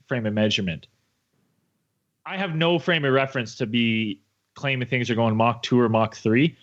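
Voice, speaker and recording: A man's voice: mid-range voice, dull audio. A man co-hosting a podcast in casual chat, cursing freely and acting out little scenes in silly voices. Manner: animated, profane, acts out scenes in silly voices. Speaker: podcast co-host.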